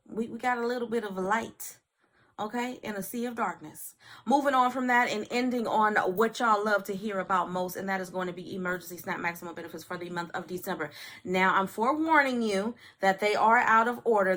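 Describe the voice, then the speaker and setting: A woman's voice: mid-range voice, fairly bright tone. A woman in her thirties from California, chatting casually to her viewers about news and benefits and often adding "okay". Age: 30s. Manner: chatty, addresses viewers as y'all, repeats okay. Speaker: news vlogger.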